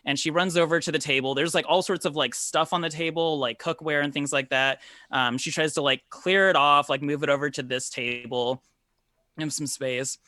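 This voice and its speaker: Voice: mid-range voice, fairly even intonation, normal speed, pushed and bright, no echo, studio quality. A game master narrating a tabletop game scene over a video call, with frequent ums and repeated words. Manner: descriptive, with many ums and repeats.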